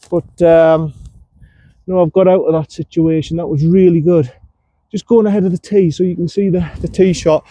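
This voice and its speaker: Man, high pitch, dry close sound, outdoor golf commentary, coaching himself. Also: fairly even intonation, normal speed, warm tone, dry recording. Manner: talks to himself and the viewer between shots, self-coaching. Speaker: golf vlogger. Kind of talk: casual on-course commentary.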